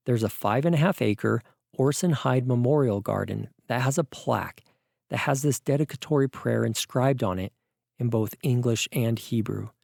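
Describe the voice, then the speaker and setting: A man's voice: mid-range voice, creaky, dark tone, dry recording, clean studio sound. A man giving a vlog sermon, explaining in an earnest, teaching way. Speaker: preacher.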